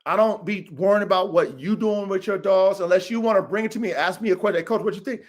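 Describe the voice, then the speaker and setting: A man's voice: high-pitched, fast talker. A man hosting a livestream podcast, talking bluntly and profanely, getting fired up and repeating himself. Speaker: podcast host and dog breeder. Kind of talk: casual livestream rant. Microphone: live stream mic.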